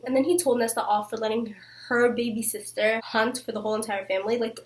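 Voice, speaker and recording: A woman's voice: on the high side, fairly even intonation, quick pace, hardly any pauses. Gushing young woman vlogger. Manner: gushing, fills speech with "like". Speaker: book reviewer. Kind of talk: casual book review vlog. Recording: voice a bit far from the mic.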